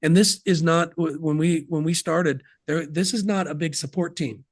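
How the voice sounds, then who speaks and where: A man's voice: on the high side, fairly even intonation, moderate pace, no echo, studio quality. A man guesting on a podcast interview, talking about business systems in an emphatic, folksy way with sports analogies.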